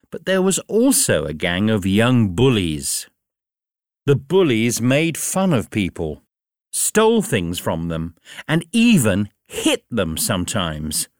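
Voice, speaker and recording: Slow, very expressive male storyteller. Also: no room sound, clean studio sound. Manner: very slow, clear, highly expressive reading. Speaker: narrator. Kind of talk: graded reader storybook narration.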